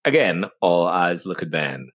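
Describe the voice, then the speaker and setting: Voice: deep voice, sing-song, a little slow, dull audio. A game master wryly narrating the action of a tabletop role-play.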